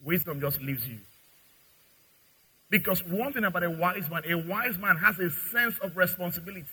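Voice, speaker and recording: A man preaches in a lively way, breaking into acted scenes between parents, children and customers. His voice is bright and cutting, pitched fairly high, with a husky edge. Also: moderate pace, rough recording. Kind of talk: sermon with acted dialogue.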